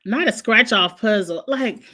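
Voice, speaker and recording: A woman's voice: medium pitch, expressive, a little slow, pushed and bright. Woman ranting about reality tv, blunt and opinionated, cusses a lot, aave. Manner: blunt, opinionated, swears freely. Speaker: host. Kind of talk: casual reality TV recap.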